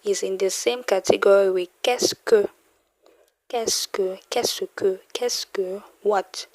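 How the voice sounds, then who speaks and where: A woman teaching a French lesson in English, repeating each phrase slowly and translating it, often checking in with "okay?". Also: mid-range voice, steady tone, darkish tone, no room sound. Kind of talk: slow spoken language lesson.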